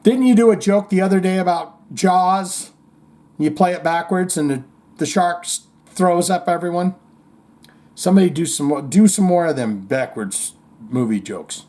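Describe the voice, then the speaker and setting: A man's voice: high-pitched, normal speed. A man hosting a casual comedy podcast, reading listener comments and jokes aloud with playful asides. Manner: animated, jokey, puts on voices when reading comments.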